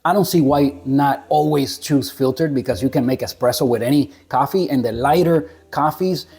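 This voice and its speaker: Mellow-voiced laid-back man reviewing coffee. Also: medium pitch, moderate pace. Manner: laid-back, chuckling, stumbles over names. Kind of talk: casual talk to camera.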